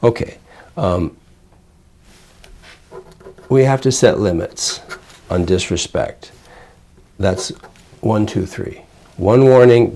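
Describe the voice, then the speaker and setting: Older male psychiatrist, low gravelly tone, calm explanatory parent-coaching delivery. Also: slow pace, long pauses. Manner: calm, explanatory, plain-spoken. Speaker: child psychiatrist giving parent training. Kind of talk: conversational teaching with role-play examples.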